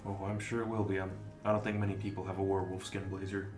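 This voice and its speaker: A man's voice: low voice, level tone, rapid-fire. A man playing a tabletop role-playing game, talking wryly in character. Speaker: player. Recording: roomy echo with faint music.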